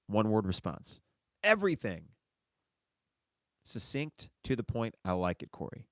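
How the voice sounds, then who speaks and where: A man's voice: fairly low pitch, normal speed, clean tone, dry recording, clean studio sound. A man hosting a casual solo sports podcast, reading listener mail and reacting in a chatty way. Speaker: podcast host.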